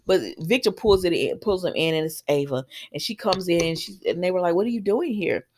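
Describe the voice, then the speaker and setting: Young woman recapping her soap, chatty and opinionated, lowish voice. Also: brisk, darkish tone, slight background noise. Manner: chatty, opinionated, acts out characters' lines. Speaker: soap opera recap vlogger. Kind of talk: casual chat recapping episodes.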